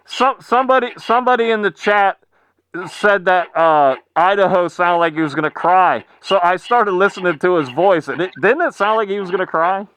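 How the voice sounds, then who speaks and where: A man's voice: high voice, no room sound. A man talking as a guest on a casual livestream. He stumbles and repeats words, and often calls out to the audience like an announcer. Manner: halting, repeats words, announcer-like "ladies and gentlemen".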